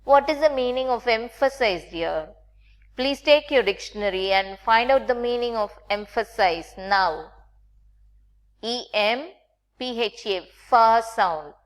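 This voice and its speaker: A woman's voice: fairly high pitch, unhurried. A woman teaching a recorded grammar lesson with Indian English phrasing, patient and checking in often with the class.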